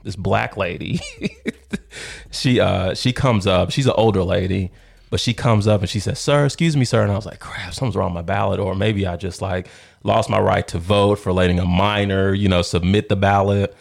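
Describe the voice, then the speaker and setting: A man in his thirties, a podcast co-host, telling a long story in a rambling, animated way with lots of fillers. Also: sits low, normal speed, creaky. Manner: rambling, animated, laughs often, many fillers. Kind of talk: casual storytelling chat.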